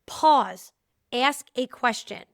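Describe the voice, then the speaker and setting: A woman's voice: a little high, takes it slowly, dry recording, studio quality. A woman, hosting a casual solo talk show and telling workplace stories, acting out the voices of the people in them. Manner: lively storytelling, acting out quoted dialogue. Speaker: podcast host.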